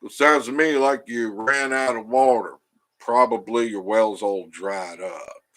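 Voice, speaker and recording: A man voicing a blunt local repairman on the phone, offhand and quick to guess. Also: on the low side, fairly bright tone.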